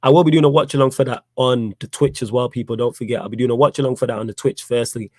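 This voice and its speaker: Animated football podcaster, dry sound. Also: male voice, fast talker, no room sound. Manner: animated, teasing, swings up to loud high challenges. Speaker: podcast host. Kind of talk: casual live-stream football chat.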